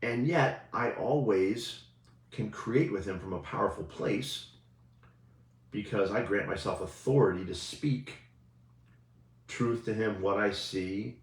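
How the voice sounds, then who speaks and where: A man's voice: fairly low pitch, takes it slowly, pauses often. A male coach giving a casual motivational talk, talking conversationally and often asking "right?" as he goes. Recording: roomy echo.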